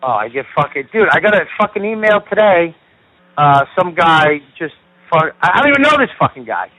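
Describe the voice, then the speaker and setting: A man's voice: fairly high pitch, sing-song, a little fast, sharp tone, no room sound, rough recording. A male stand-up comedian ranting heatedly on a call, swearing constantly. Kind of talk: profane phone chat.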